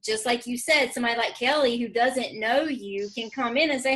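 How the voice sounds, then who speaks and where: A woman's voice: a little high, fairly quick, fairly bright tone. A middle-aged woman hosting a casual interview, upbeat and encouraging, laughing often. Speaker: host and team leader.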